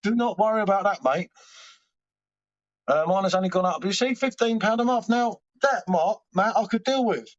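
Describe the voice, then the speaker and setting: A man's voice: high voice, moderate pace. A man hosting a live stream from home, rambling and swearing casually as he chats back to viewers' comments. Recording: dull lo-fi stream audio.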